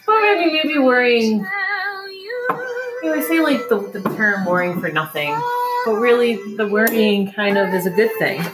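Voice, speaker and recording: A woman's voice: a little high, expressive, normal speed, very noisy. A woman co-hosting a casual late-night podcast, sleepy and yawning, chatting in a rambling way with repeats. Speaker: podcast co-host. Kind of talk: casual late-night watch-along chat. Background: film music playing.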